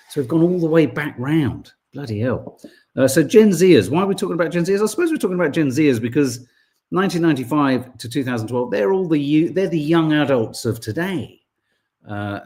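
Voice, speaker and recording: A man's voice: medium pitch, a little mellow. A man in his forties co-hosting a casual podcast, rambling with wry asides and reading out listener messages. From England. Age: 40s. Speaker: podcast co-host. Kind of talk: casual chat.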